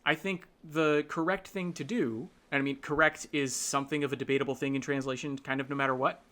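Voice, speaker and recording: A man hosts a casual explanatory talk in a mid-range voice that is bright and forceful, with fairly even intonation and a fairly quick pace. He keeps checking in with his listener through tag questions, thinking aloud with fillers and restarts.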